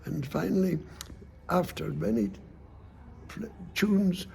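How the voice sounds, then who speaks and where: A male storyteller tells a folk tale aloud in a high, gravelly voice, at a slow pace with slight background noise. He's playful and lively, using sound effects and sudden hushes, and keeps the telling warm and full of play.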